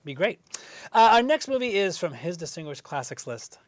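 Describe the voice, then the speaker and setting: A man's voice: high voice, very animated, moderate pace, dry recording. A man co-hosting a film review show, chatting casually and rambling with many fillers and restarts.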